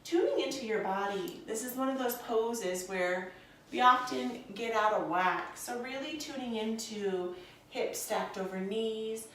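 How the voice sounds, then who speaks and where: A young woman with a fairly high voice leads a yoga practice in a soothing, encouraging tone. She is heard from a distance in a strongly echoing room, with faint noise underneath. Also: fairly bright tone. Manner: soothing, encouraging, calls listeners friends. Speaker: yoga teacher. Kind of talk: guided yoga instruction.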